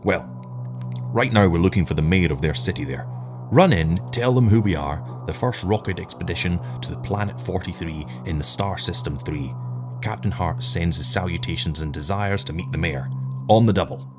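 A man's voice: deep voice, fairly quick, over music, close to an everyday voice. A man voicing a tired, cynical older rocket captain who snaps impatiently at his lieutenant. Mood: weary, irritable. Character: weary, sharp-tongued older male rocket captain.

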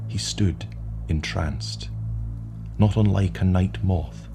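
A man narrating a short story in a measured, atmospheric way. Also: sits low, gravelly, music in the background.

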